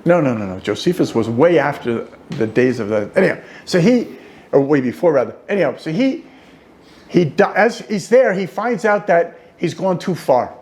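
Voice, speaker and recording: Animated, joking rabbi teaching a class. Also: male voice, fairly high pitch, normal speed. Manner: animated, joking storyteller with asides. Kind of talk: informal lecture. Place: study hall.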